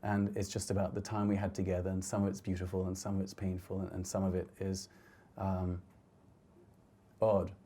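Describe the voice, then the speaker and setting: A middle-aged man giving a reflective talk about his photographs, speaking gently and haltingly with frequent restarts. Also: sits low, completely flat delivery. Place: lecture hall.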